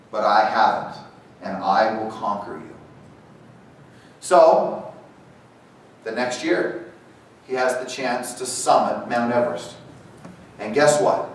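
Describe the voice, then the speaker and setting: A man giving an energetic motivational talk to a real estate team, animated and acting out quoted voices. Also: medium pitch. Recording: echoey hall, voice from far off, faint noise.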